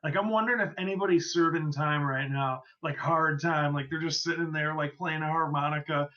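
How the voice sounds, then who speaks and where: A man's voice: on the high side, fairly even intonation, a little fast, bright, forceful tone. A young man chatting casually as a podcast co-host, telling nostalgic stories with a jokey edge. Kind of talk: casual chat. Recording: dull lo-fi podcast audio.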